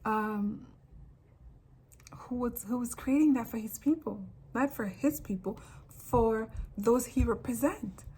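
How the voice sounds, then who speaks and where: A woman from Africa talking straight to camera in a casual, animated monologue, full of rambling asides. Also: on the high side, takes it slowly, slight background noise, poor audio. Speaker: vlogger.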